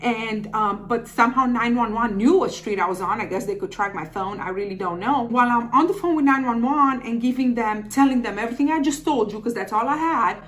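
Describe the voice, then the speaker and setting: A woman in her thirties telling a story to camera in a lively, dramatic way. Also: a little high, a little fast, hardly any pauses, slight background noise. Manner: animated, dramatic voices for quoted people.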